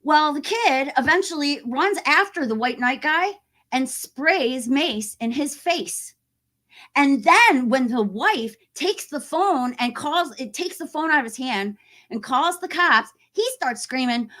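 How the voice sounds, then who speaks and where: Animated woman in casual vlog chat. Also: high-pitched, measured pace. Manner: animated, acts out quoted voices. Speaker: horror YouTuber.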